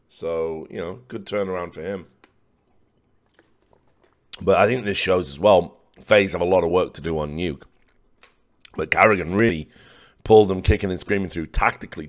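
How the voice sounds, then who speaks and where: Hoarse, blunt man ranting. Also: sits low. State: hoarse, tired voice. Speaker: esports analyst. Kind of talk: opinionated match analysis.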